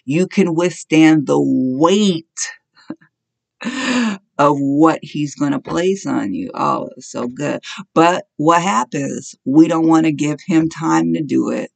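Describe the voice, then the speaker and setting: Preacher, gravelly voice, slow and fervent sermon, repeats commands, peaks in shouts. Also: mid-range voice. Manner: impassioned exhortation, rising to shouts.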